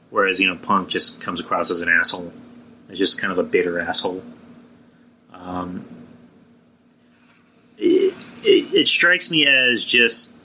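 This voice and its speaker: A man hosts a live stream with a fairly low yet very bright, forward voice. He rambles casually, swears freely, and stops now and then to answer people in the chat. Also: a little hiss or hum, poor audio. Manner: rambling, profane, chatting with live viewers. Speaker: podcast host.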